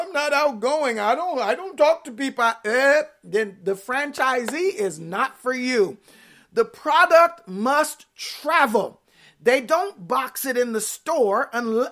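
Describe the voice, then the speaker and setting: A woman, preaching a sermon in an animated, playful way full of rhetorical questions. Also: high voice, slow.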